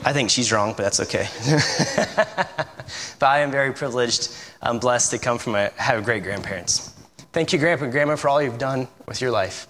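A man's voice: mid-range voice, normal speed, fairly bright tone. A man in his thirties, a visiting missionary preacher, giving a casual, joking, self-deprecating sermon in a church. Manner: self-deprecating, chatty, with laughs. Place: church sanctuary. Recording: church hall reverb, faint room noise.

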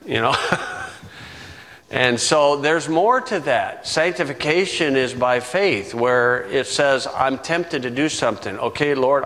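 A man preaching a sermon, teaching verse by verse in a conversational way, with chuckling asides and key words drawn out slowly. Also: mid-range voice, a bit bright. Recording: long reverb from the room.

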